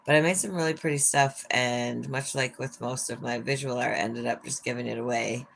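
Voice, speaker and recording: A woman's voice: very deep voice, fairly even intonation, fairly quick, creaky. A woman from Minnesota with a Minnesotan accent, chatting casually and sarcastically with viewers on a home livestream. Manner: chatty, sarcastic, frank with swearing. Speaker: livestream host. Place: at home by an open window.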